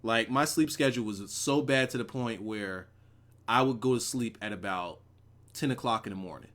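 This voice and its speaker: A man's voice: mid-range voice, normal speed, a bit bright. A man hosting a live stream who reviews wrestling shows and tells a rambling, profane story, talking casually with his chat.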